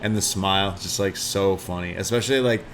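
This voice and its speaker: A man reviewing a wrestling show in casual podcast chat, excitable, laughing often and acting out quotes. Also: sits low, fairly quick, slight background noise.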